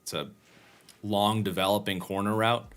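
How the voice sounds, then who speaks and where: A man's voice: lowish voice, steady tone, normal speed, a bit bright. A tired man hosting a livestream, casually breaking down football game film and thinking aloud with frequent restarts. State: tired, yawning. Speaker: host and football draft analyst.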